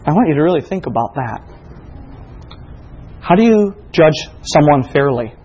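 A man preaching a sermon, reading scripture aloud and building to emphatic, animated points. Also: on the high side, normal speed, husky, lo-fi sound. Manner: preaching with rising emphasis and quoted exchanges. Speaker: pastor.

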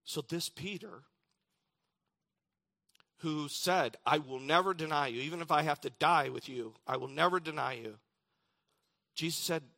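A man delivers a sermon in a raised, bright voice with a gravelly edge. He reads scripture dramatically, swinging from loud declarations to hushed, quiet lines. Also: on the high side, measured pace, pauses often. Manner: dramatic reading with sudden loud and hushed turns. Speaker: pastor.

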